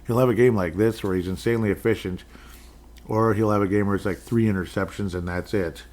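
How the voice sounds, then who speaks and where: Low-voiced man riffing on football scores. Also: steady tone, fairly quick, darkish tone. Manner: rambling, jokey, sarcastic asides. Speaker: podcast host. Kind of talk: casual sports commentary.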